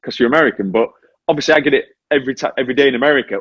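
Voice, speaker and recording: Husky British man in his forties. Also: mid-range voice, racing, no echo, highs cut off. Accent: British English. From Britain. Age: 40s. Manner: animated, self-deprecating storytelling. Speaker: guest, former motorcycle racer. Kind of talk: casual interview chat.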